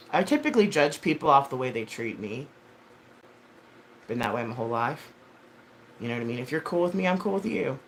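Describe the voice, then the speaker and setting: A woman's voice: sits low, slight background noise. A woman in her thirties hosting a live stream, chatting casually with viewers in a rambling, blunt and heavily profane way, full of fillers and self-corrections. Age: 30s. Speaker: livestream host.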